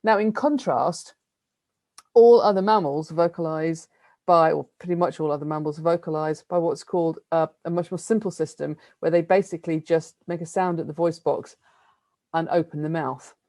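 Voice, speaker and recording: British woman giving a lively science talk. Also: deep voice, normal speed, dry recording, studio quality. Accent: British English. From United Kingdom. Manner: lively, chatty, self-deprecating with little laughs. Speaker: lecturer. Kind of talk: academic plenary talk over video call. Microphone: computer mic on a video call.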